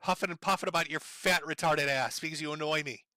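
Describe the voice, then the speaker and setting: A man's voice: a little high, fast talker, sharp tone, dry recording. Profane, mocking man ranting on a stream. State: in pain from broken ribs, on medication. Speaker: livestream commentator. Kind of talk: angry ranting commentary.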